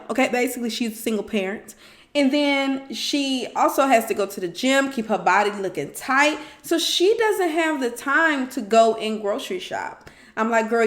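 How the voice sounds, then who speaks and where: Chatty high-voiced woman recapping TV. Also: reverberant. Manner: chatty and expressive, frequent "okay?" asides. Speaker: TV show reviewer. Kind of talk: casual episode recap.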